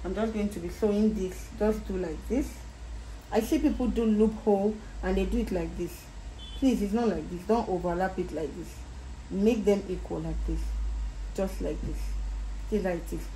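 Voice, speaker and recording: Mellow Nigerian woman teaching sewing. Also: mid-range voice, normal speed. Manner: patient, repeats each step while demonstrating. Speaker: sewing tutor. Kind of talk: casual step-by-step sewing tutorial. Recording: roomy echo with faint background noise.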